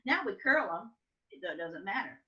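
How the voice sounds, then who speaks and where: An older woman telling family stories in an interview, acting out her younger self with lively voices. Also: mid-range voice, moderate pace, a little hiss or hum. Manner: animated storytelling, acts out her younger self. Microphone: soft and distant at times. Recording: dull lo-fi sound.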